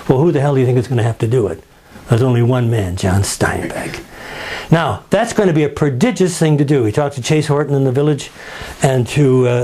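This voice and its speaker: A man's voice: medium pitch, warm tone. A man guiding visitors through a story with emphatic, dramatic telling, acting out the people he quotes and asking rhetorical questions. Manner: dramatic, acts out quotes in changing voices. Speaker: museum guide. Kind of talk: storytelling talk.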